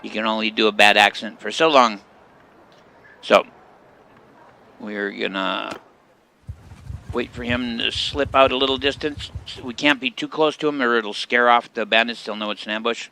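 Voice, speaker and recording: A man's voice: on the low side, moderate pace, gravelly, pauses often, bright, forceful tone. A man streaming a game and giving casual commentary, with rambling, chatty asides.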